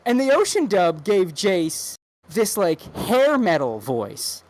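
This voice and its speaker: A woman co-hosting a podcast in casual chat, rambling and animated, with many restarts and swearing. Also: lowish voice, takes it slowly. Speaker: podcast co-host.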